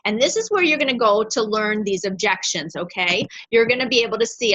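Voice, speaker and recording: A woman's voice: mid-range voice, expressive, brisk, few pauses, fairly bright tone. A middle-aged woman leading a motivational sales training class, talking with emphatic energy and acting out phone scripts. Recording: dull lo-fi recording.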